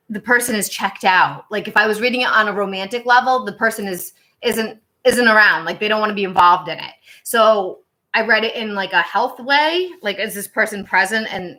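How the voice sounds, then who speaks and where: A woman's voice: mid-range voice, sharp tone. A woman tarot reader casually telling stories on a livestream, chatty and full of fillers and restarts.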